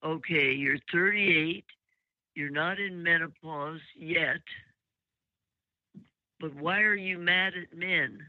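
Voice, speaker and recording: A man's voice: a little high, slow, long pauses, no echo. A man hosting a call-in advice show who talks bluntly and lectures, often cutting the caller off. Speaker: radio advice host. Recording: phone-like narrow sound.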